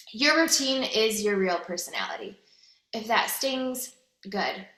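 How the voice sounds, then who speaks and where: A woman's voice: mid-range voice, fairly bright tone, roomy sound, poor audio. A woman in her thirties co-hosting a podcast, chatty and giggly, shy about swearing, reading a motivational passage aloud. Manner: giggly, modest, avoids swearing. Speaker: podcast co-host. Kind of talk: casual chat and read-aloud.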